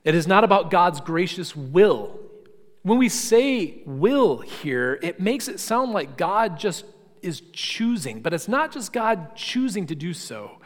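A male preacher delivers a sermon in a slightly high voice. He speaks emphatically, stacking repeated phrases to drive his points home. His voice rings out with a long reverb, as if in a large church hall. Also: big pitch swings, takes it slowly.

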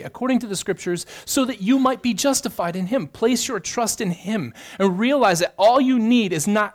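Earnest and full of conviction, a pastor with a rather high male voice gives a sermon, restating phrases to press his points and building steadily in emphasis.

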